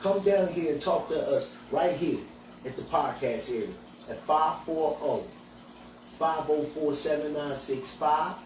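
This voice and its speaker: This time the podcasting hemp dispensary owner sounds on the high side, a little mellow and unhurried, though his outspoken rant is still angry and full of profanity. The recording has a faint hiss or hum, faint ambience, and an echoey, far-off quality.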